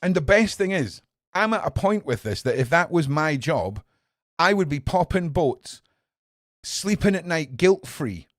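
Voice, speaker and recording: A man in his forties hosting a podcast, delivering an angry, profane opinion monologue that swings between low muttering and loud outbursts. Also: very animated, a little slow, no echo, clean studio sound. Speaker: podcast host.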